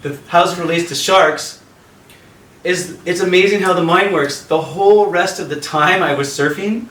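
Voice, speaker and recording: Man telling an animated story on a call. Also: sits high, moderate pace, reverberant, recorded from a distance, poor audio. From Canada. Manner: animated storyteller acting out voices, laughing often. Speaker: yoga teacher and host. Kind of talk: casual storytelling on a video call. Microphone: video call.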